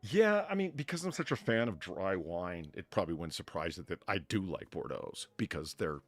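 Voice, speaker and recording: A man's voice: low voice, animated, moderate pace, faint music behind. A man in casual stream chat, opinionated, reading news bits aloud and laughing often.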